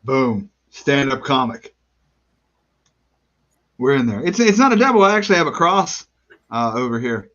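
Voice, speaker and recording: A man talking on a podcast in a halting way, leaning on fillers and false starts. His pitch moves around a lot. The recording sounds dull and lo-fi. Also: big pitch swings, sharp tone. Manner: hesitant, filler-heavy. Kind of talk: casual podcast chat.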